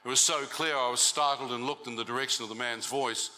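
New man, mid-pitched and very bright, animated testimony storyteller at a church talk. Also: quick pace, low-quality recording. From New Zealand. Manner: animated storytelling with crowd banter. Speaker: speaker giving a testimony.

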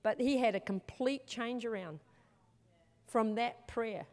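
A woman giving an earnest, emotional church testimony and altar call, halting and restarting as she speaks. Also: a little high. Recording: long hall reverb.

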